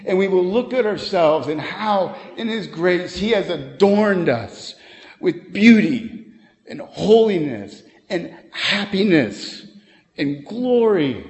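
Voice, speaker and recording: Preaching with earnest conviction, a pastor climbs to emphatic peaks, then slips into quick, chatty asides. His voice is expressive and somewhat raised in pitch, ringing through a church sanctuary with long, lingering reverb.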